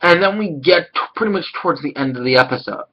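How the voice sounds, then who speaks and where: A man casually reviewing an anime episode, rambling and excitable, swearing now and then. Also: fairly high pitch, quick pace, dull audio.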